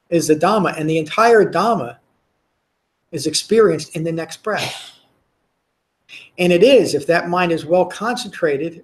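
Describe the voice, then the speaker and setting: This meditation teacher's voice sits on the high side with a darkish tone as he gives a Dhamma talk to a class at a meditation center. Earnest and emphatic, he often restarts phrases and says words more than once.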